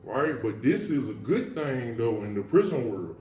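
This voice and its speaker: A man on his own show, telling a story from his past in a casual, slangy, profane way with wry humor about dark memories. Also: mid-range voice, big pitch swings, moderate pace, echoey room, recorded from a distance. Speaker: podcast host recounting his past.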